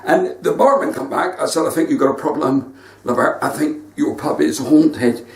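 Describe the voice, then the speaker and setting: A man's voice: a little high, normal speed, far from the mic. A male stand-up comedian with a West Country English accent, telling cheeky jokes on a live stream from home with asides to his viewers. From West Country, England. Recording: echoey room, voice from off mic.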